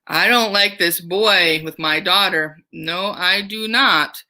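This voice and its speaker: A woman's voice: fairly low pitch, slow pace, sharp tone, full character voice. A woman doing a grumpy, protective soldier dad. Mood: disapproving. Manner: grumbling, disapproving hums. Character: stern protective father, grumpy disapproving soldier.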